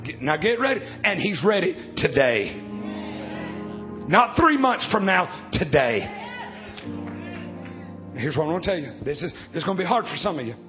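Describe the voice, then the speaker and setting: Man, 50s, preacher, high voice, quiet-to-shouting swings, muffled recording. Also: big pitch swings, moderate pace, pauses often. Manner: swings from low quiet talk to loud shouting. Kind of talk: sermon. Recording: dull lo-fi recording with faint music.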